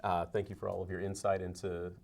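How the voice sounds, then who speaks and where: A man with a very low voice rattles off his questions quickly as the host of a sports interview. He keeps things moving with brisk okays between answers. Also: level tone, gravelly, darkish tone. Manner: brisk, eager back-channel replies. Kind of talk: interview questions and show sign-off.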